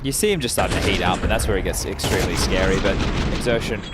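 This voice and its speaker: A man giving measured, analytical color commentary on a live esports match, with frequent hesitations. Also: low-pitched, very noisy.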